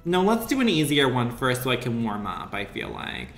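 A man's voice: mid-range voice, very animated, normal speed, a bit bright. A man streaming a game, chattering to his viewers in a giggly, profane, campy way. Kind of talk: casual gaming stream chat. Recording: roomy sound with faint music.

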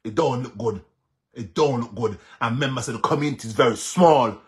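Speaking a little fast in a mid-range voice, a social media commentator with a Jamaican accent offers heated vlog commentary. He drifts between patois and English and keeps repeating himself to drive his points home.

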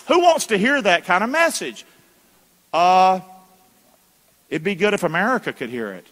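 A man's voice: high-pitched, very animated, normal speed, long pauses, pushed and bright. A man preaching a sermon as pastor, calling for answers from the congregation in a folksy, emphatic way. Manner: call-and-response preaching, asks the congregation to answer; folksy, emphatic delivery with colloquial asides. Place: church sanctuary. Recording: long reverb of a church hall.

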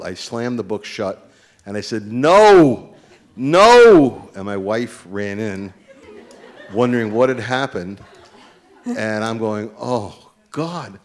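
A man from New Jersey speaking from the audience at a book event, earnest and rambling, with many fillers. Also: lowish voice. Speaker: audience member.

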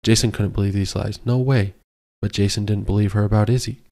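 Guy narrating a romance audiobook, lowish voice, steady reading. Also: fast, vocal fry. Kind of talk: scripted narration.

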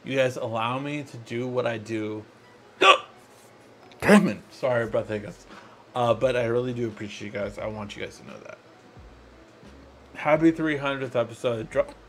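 Tipsy male tech-show host, slurred speech, constant hiccups, mid-range voice, faint background noise. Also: medium pitch. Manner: drunk, slurring words. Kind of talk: live tech show chat.

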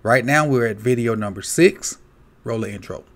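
A man's voice: medium pitch, background noise. A man hosting a casual sports countdown video, talking loosely with many fillers and restarts. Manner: relaxed, halting, many "uh" and "um" fillers. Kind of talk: casual sports commentary vlog.

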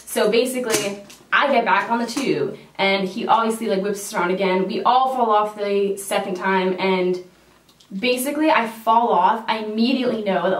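A young woman vlogger telling a story in casual chat while doing her makeup, swearing freely. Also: mid-range voice. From Canada. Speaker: beauty vlogger. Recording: roomy echo from a distant mic.

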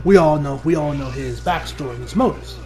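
A man giving a casual, animated episode recap, often laughing and acting out the characters' lines. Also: on the high side, brisk. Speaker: anime reviewer.

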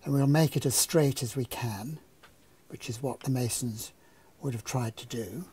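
A man's voice: medium pitch, moderate pace, slight background noise. An older man, an engineer, telling an anecdote and then explaining a problem with a live model demonstration. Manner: anecdotal, relaxed storytelling.

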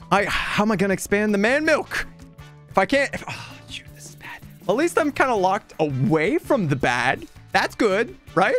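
A man's voice: high-pitched, big pitch swings, moderate pace, a bit bright, soft background music. A young man from Canada giving playful, dramatic comedic commentary while playing a video game. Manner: playful, dramatic, jokey with frequent laughs. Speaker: gaming YouTuber.

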